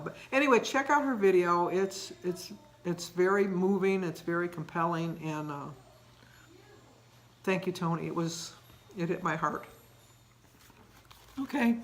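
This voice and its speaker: An older woman vlogs about her day in a medium-pitched, slightly bright voice. She rambles, gets emotional, pokes fun at herself, and now and then grows tearful.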